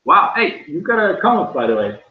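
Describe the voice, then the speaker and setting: A young Dutch man from the Netherlands hosts a livestream as a vlogger, chatting casually, laughing, and reading the chat aloud. He sounds very animated and fairly quick. The recording is echoey and dull, low-fi, with a little hiss or hum.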